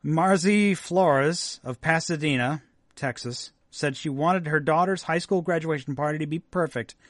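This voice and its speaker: A man's voice: fairly high pitch, measured pace, no echo. Dry-voiced podcast man reading odd news. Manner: dry, wry asides while reading. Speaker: podcast co-host. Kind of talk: casual chat, reading news stories.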